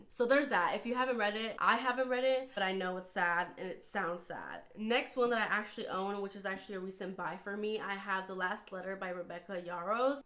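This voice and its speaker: A chatty woman talks straight to camera about books she loves, gushing and full of casual fillers. She hosts her own book channel in a relaxed, friendly vlog style. She is filming indoors at home under a filming light. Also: mid-range voice. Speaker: book vlogger.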